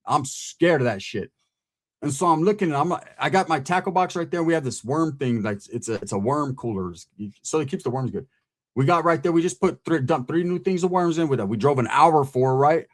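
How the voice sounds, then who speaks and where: A man with a slightly raised voice tells a story in a loose, profane street-slang style. He keeps checking in with listeners and gets animated as the tension builds. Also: on the high side, brisk. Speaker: podcast host telling a story. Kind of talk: casual storytelling.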